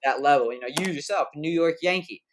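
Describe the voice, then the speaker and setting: A man's voice: fairly high pitch, fairly quick, a crowd in the background. A man hosting a podcast in casual chat, rambling and slangy, with many fillers and restarts. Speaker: podcast host.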